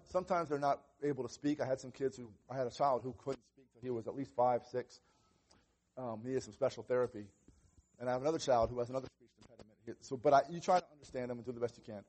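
A man's voice: medium pitch, fast talker, mellow. A male pastor preaching a sermon, earnest and conversational, acting out little exchanges with children. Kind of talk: sermon on parenting.

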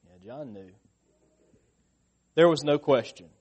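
A middle-aged man preaching a sermon, asking the listeners questions and getting louder and higher when he stresses a point. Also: unhurried, long pauses.

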